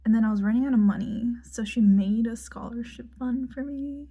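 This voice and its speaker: A woman's voice: on the high side, brisk, warm tone, highs cut off. A young woman telling a rambling casual story, full of fillers and dropping into whispered asides while she does her makeup. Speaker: vlogger.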